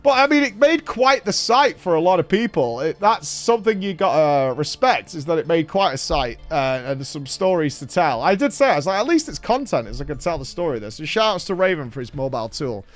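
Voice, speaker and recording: Animated, swearing man telling a story. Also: fairly high pitch, a little fast, few pauses. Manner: animated, swears a lot, laughs through the story. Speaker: podcast host. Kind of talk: casual storytelling chat.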